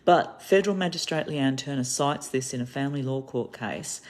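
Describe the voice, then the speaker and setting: A woman's voice: extremely low pitch, normal speed, darkish tone, slight background noise. An Australian woman giving an indignant, rambling monologue to camera, telling her story with heavy emphasis. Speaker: activist vlogger.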